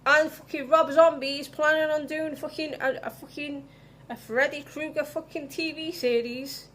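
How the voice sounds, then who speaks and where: A woman's voice: high-pitched, fairly even intonation, normal speed, fairly bright tone. A woman vlogging, ranting angrily with heavy swearing. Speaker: vlogger reviewing films. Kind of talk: casual ranting vlog.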